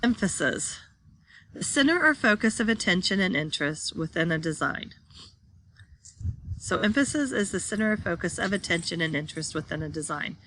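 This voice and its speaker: A woman's voice: fairly low pitch, lively intonation, normal speed, fairly bright tone. A woman teaching a class, reading slide text aloud and then explaining it while pointing at pictures.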